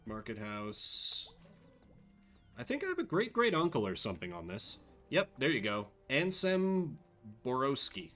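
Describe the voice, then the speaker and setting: A man's voice: mid-range voice, huge pitch swings, a little slow, fairly bright tone, soft background music. A man streaming a game, making wry, dry asides as he reads the game text aloud in casual commentary.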